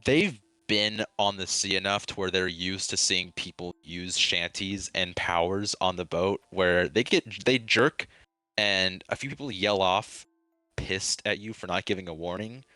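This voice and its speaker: A man's voice: low voice, a little slow, pushed and bright, no room sound, soft background music. A man narrating a tabletop pirate game as game master, casual and loose. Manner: casual, swearing, laughing.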